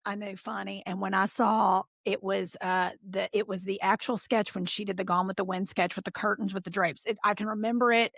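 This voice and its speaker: A middle-aged woman talks as a guest in a home art studio. She tells stories animatedly and slips into the voices of the people she remembers. Her pitch sits mid-range, and the sound is dry and close. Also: brisk, gravelly, hardly any pauses, no echo. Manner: animated storyteller acting out remembered dialogue. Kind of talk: casual chat.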